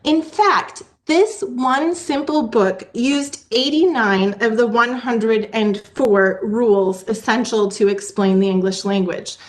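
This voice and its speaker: Woman, reading presenter, slightly high voice, sounds out letters, online meeting. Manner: clear, teacherly, sounds out letters slowly. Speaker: literacy presenter.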